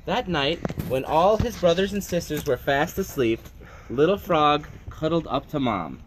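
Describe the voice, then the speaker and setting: Middle-aged male story-time host, reads to kids, bouncy and expressive, slightly high. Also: a little slow, slight background noise. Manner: animated, sing-song, kid-friendly. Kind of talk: reading a picture book aloud to children.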